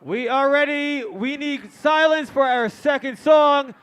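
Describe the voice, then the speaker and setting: A man emceeing a live event, announcing from the stage and shouting to the crowd. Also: very high-pitched, measured pace.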